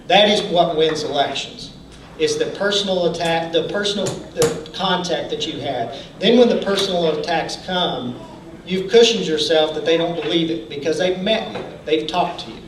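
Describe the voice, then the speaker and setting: A man giving a folksy motivational speech at a campaign training event. He often restarts his sentences and clears his throat. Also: fairly high pitch, a little hiss or hum. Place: event hall. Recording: echoey hall from far off.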